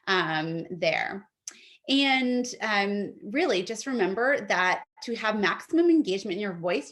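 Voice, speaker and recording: A woman teaching an etiquette workshop, giving lively, practical advice with quick fillers, speaking into a video call mic. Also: mid-range voice. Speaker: etiquette instructor. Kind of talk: workshop presentation.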